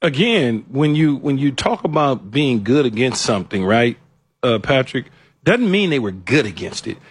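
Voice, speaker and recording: A man's voice: medium pitch, big pitch swings, moderate pace, husky. A man co-hosting a live sports betting broadcast, talking emphatically and repeating himself as he breaks down the game. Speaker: sports betting show co-host.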